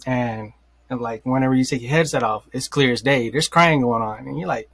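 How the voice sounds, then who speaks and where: A man's voice: mid-range voice, normal speed, creaky, husky, no echo. A man hosting a casual podcast, telling a hypothetical story and acting out people's reactions as he goes. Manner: storytelling, acts out quoted reactions. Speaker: podcast host.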